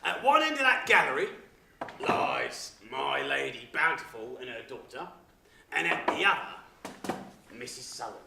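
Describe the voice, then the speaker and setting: A man's voice: medium pitch, huge pitch swings, unhurried, gravelly, heavy background noise, heavily acted. A young man playing a chatty innkeeper who rambles and repeats a pet phrase. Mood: conspiratorial. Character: chatty male innkeeper, in on a robbery. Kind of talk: stage acting in a school play. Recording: echoey hall with audience.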